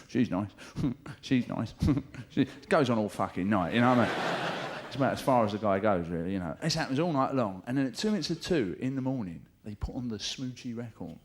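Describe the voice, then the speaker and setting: A man's voice: mid-range voice, lively intonation, brisk, few pauses, slight background noise. A middle-aged man doing live stand-up, chatty and swearing, mimicking voices for jokes, with audience laughter behind him. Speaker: stand-up comedian. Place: comedy club stage.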